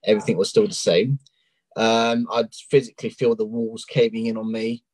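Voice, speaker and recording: A man's voice: fairly low pitch, fairly even intonation, normal speed, darkish tone, no room sound, rough recording. Candid English man with a London accent. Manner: open and candid, with many ums. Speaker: coaching client guest. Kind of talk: casual interview on a live stream.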